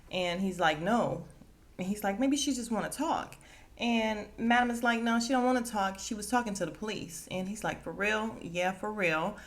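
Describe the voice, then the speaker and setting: A woman hosting a casual podcast, recapping a TV episode with animated retelling, acting out the characters' lines and laughing often. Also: on the low side.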